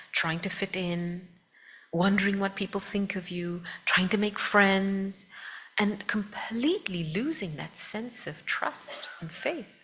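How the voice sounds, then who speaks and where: Slow, gentle woman giving a meditation talk. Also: medium pitch. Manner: gentle, asks the audience questions, often drops to a whisper. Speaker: spiritual teacher. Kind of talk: meditation talk to a live audience. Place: room with a live audience.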